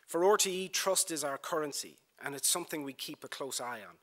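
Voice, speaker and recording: Male speaker, formal lecture, bright, slightly high voice, measured rhetorical delivery. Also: expressive. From Ireland. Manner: measured oratory with rhetorical lists and emphatic repetition. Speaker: broadcasting executive giving a lecture. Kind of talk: formal prepared speech. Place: university lecture theatre.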